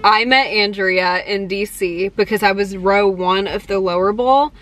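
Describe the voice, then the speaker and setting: A young woman vlogger telling excited personal stories in a casual, chatty way, full of fillers. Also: mid-range voice, unhurried, faint music behind. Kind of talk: casual storytelling to camera.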